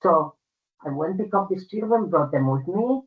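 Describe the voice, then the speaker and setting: A woman's voice: fairly low pitch, lively intonation, moderate pace. Older Puerto Rican-accented woman, emphatic personal storyteller, tinny phone-like audio. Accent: Puerto Rican Spanish. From Puerto Rico. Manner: emphatic, conversational, frequent fillers. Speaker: guest speaker.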